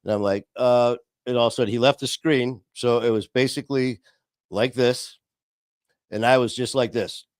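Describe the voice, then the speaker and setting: In a casual storytelling chat, a male podcast host talks over a video call using streaming software, loosely and without a script, often restarting and chuckling. He has a medium pitch, fairly even intonation and normal speed. The sound is clean studio audio with no echo.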